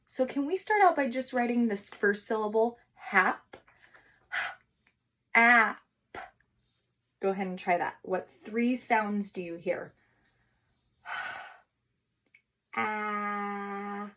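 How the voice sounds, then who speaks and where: A woman teacher giving a recorded writing lesson to young children, speaking slowly and encouragingly and sounding out syllables. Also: medium pitch, fairly bright tone. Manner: slow, encouraging, sounding out words for kids.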